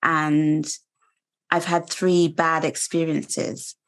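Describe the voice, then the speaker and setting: A British woman in her thirties speaks as an interview guest, earnest and reflective. Her voice sits a little low. She talks in a measured, steady way. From United Kingdom. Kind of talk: personal testimony interview.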